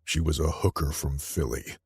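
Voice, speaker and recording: A man voicing a calm, sly half-brother. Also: extremely low pitch, moderate pace, breathy edge, no echo, heavily acted. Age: 30s.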